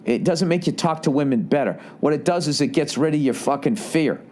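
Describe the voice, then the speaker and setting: A man's voice: fairly high pitch, brisk, darkish tone, slight background noise. A man hosting a podcast, reading listener letters aloud and giving blunt, profane advice with rambling asides. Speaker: podcast host.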